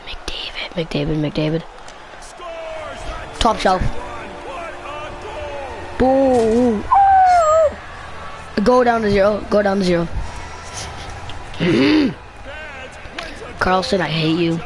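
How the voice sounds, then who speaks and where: A man giving excited commentary while playing a video game, trash-talking the players on screen. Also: high-pitched, drawn-out words, long pauses, background noise.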